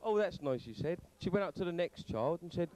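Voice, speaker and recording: A man's voice: high-pitched, lively intonation, fairly quick, darkish tone, low-quality recording. A man telling a joke in a pub, starting hesitantly and then telling it with some life.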